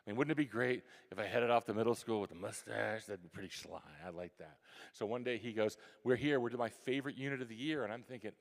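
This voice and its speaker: A mid-range-voiced guest author tells a school audience a story from his childhood, acting out his younger self with gasps and whispers. It's a storytelling talk for students at a school event in a large hall, and the recording carries long hall reverb.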